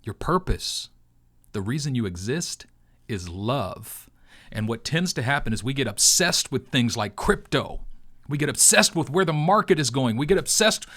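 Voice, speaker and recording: A middle-aged man, host of his own channel, talking earnestly in a preacher-like way with long pauses, telling a personal story. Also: medium pitch, very animated, fairly bright tone. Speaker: crypto video host. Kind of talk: heartfelt personal talk.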